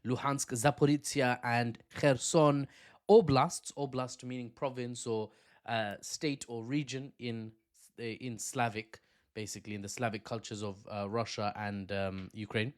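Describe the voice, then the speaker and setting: A man hosting opinionated geopolitical commentary, talking with animated, self-mocking asides. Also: mid-range voice, unhurried. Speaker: host.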